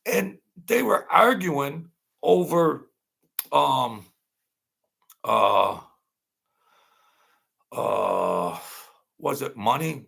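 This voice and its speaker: A man hosting an unscripted live-stream chat, rambling and animated, laughing often as he talks. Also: medium pitch, slow pace, gravelly, pauses often, slightly rough. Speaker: channel host.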